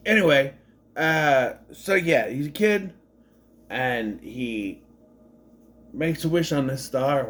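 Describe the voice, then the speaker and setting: A man's voice: medium pitch, lively intonation, slow, pauses often, a bit bright. A man casually recapping a film, wry and digressive, with frequent restarts and asides. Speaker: movie recapper.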